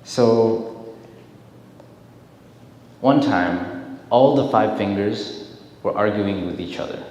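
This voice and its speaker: A man's voice: lowish voice, slow. A man giving a dharma talk in a temple hall, telling stories with frequent restarts and repeated words. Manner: storytelling, warm-hearted, repeats words. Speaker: dharma speaker. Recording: echoey hall, faint hiss.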